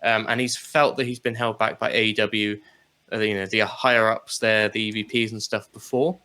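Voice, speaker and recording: Male co-host, bright tense tone, animated casual chat about wrestling. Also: fairly low pitch, normal speed. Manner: animated, laughs, swears casually. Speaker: podcast co-host.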